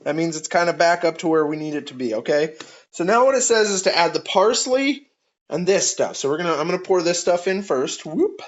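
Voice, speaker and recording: A man's voice: fairly high pitch, animated, brisk. A man telling jokes and cooking on a casual live stream, playful, with goofy sound effects. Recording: dull lo-fi audio.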